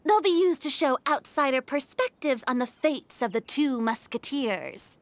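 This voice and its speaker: A woman voicing a vain, energetic young film director in a fan voice dub, talking in a bossy, theatrical way. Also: sits high, a little slow, no echo. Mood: commanding.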